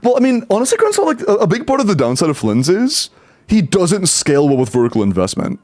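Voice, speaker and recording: A man's voice: high-pitched, wildly swooping pitch, fast talker, darkish tone, dry recording, clean studio sound. A man streaming live, casually talking through game account advice and answering chat, loose and rambling with some swearing.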